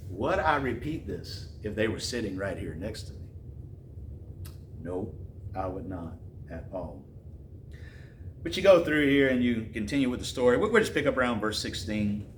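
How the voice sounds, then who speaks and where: A man preaching a sermon who reads scripture slowly and then retells it in casual slang. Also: on the low side, very animated, echoey room, slight background noise.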